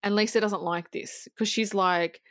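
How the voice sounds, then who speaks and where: A woman co-hosting a podcast, casually recapping a film scene in an animated, swear-laden way with lots of restarts. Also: mid-range voice, normal speed, no room sound. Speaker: podcast co-host.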